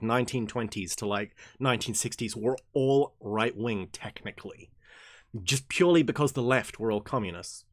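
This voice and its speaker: A young man hosting an occult reading group, reading passages aloud and rambling in jokey, animated tangents. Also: no echo, studio quality. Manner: animated and jokey, swings from excited outbursts to low mumbles. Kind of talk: casual reading and commentary livestream.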